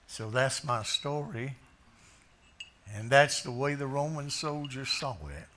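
A preacher telling a first-person Bible story as a monologue, slow, with hushed low passages. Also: male voice, slight background noise.

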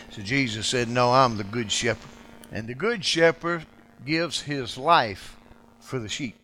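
A man with a medium-pitched voice preaches a sermon, acting out quoted speech and swinging dramatically between loud outbursts and hushed lines. Slight background noise is present.

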